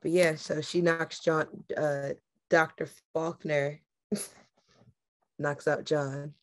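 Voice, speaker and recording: Giggly low-voiced woman, slow talker. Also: flat delivery. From New York. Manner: giggly, easygoing, laughs often. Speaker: podcast co-host. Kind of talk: casual TV recap chat.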